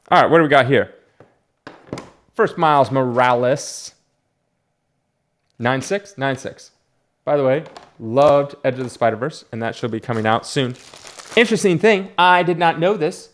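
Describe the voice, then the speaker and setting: Chatty rambling man vlogging. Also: medium pitch. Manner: chatty, rambling storyteller with frequent fillers and restarts. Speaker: comic book collector vlogger. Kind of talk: casual vlog chat.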